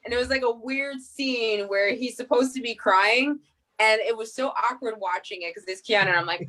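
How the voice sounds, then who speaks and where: A woman's voice: fairly high pitch, moderate pace, sharp tone. A woman guest in a casual interview, chatty and opinionated. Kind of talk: casual chat.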